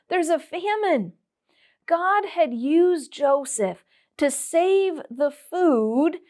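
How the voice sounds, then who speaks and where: A woman teaching at children's church, telling a Bible story in an animated way and asking the children questions. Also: high-pitched.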